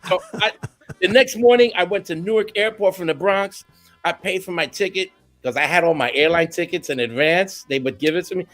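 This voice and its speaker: A man telling stories in a casual interview, animated and laughing, dropping in Spanish phrases. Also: high-pitched, brisk, soft background music. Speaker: guest musician.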